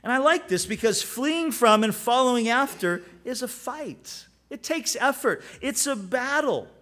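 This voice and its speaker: A male pastor delivers a sermon in a relaxed, storytelling manner, and then he drives home points with sudden emphasis. His voice sits high for a man and swings widely in pitch. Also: measured pace. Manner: conversational, storytelling with animated emphasis.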